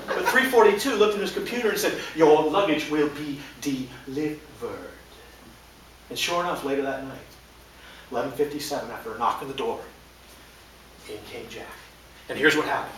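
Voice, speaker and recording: A man giving a humorous storytelling speech at a speech contest, theatrical and animated, in a large echoey hall recorded from far off. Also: mid-range voice, fast talker, long pauses, a little hiss or hum. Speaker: contest speaker.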